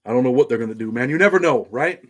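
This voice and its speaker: A man's voice: medium pitch, lively intonation, very fast, a bit bright. A middle-aged man hosting a casual livestream, talking loosely, saying "man" constantly and reading viewer comments aloud. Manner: loose, repeats "man" often, reads chat aloud. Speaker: livestream host.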